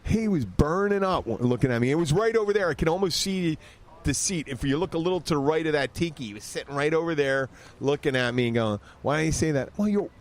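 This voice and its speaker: A man's voice: on the high side, lively intonation, fast talker. A man hosting a casual bar podcast, rambling through stories with lots of restarts, still getting over a cold. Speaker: podcast host. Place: outdoor bar.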